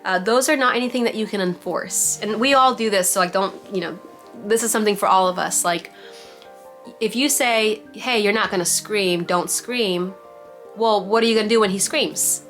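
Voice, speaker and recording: A woman's voice: medium pitch, a little fast, fairly bright tone, faint music behind. A young woman giving parenting advice to other mothers on a video call, chatty, full of "like" and "you know". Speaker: mom giving parenting advice to a support group. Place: home, on a virtual meeting. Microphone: computer mic on a video call.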